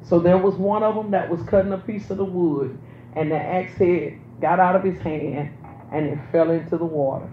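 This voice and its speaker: Preacher guy, high voice, goes loud then hushed, dull echoey recording. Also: fairly even intonation, moderate pace, a little hiss or hum. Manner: emphatic, repeats lines, swings from loud to hushed. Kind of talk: sermon. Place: church sanctuary. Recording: roomy, dull sound with faint ambience.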